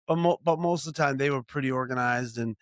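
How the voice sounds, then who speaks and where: A man's voice: medium pitch, quick pace, no room sound, studio quality. An older man, a podcast co-host, telling family stories in a rambling, casual chat full of restarts and fillers.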